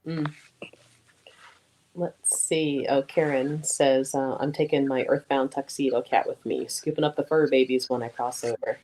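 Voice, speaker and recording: Woman co-host, deep voice, relaxed reader of viewer questions. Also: measured pace, slight background noise, low-quality recording. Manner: reads questions aloud, relaxed with soft fillers. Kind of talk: casual chat.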